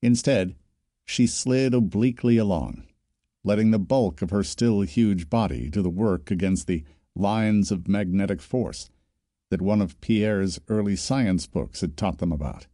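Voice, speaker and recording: Man with a dark, mellow reading voice. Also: lowish voice, measured pace, no room sound, studio quality. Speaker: narrator. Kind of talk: audiobook narration.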